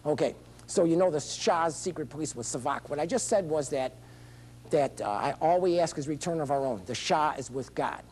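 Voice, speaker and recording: A man's voice: on the high side, moderate pace, darkish tone, a little hiss or hum. A middle-aged man giving a rambling, theatrical speech as a political candidate, dropping into phrases of other languages. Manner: rambling, theatrical, jumps between topics; breaks into foreign phrases. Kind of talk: public-access TV speech.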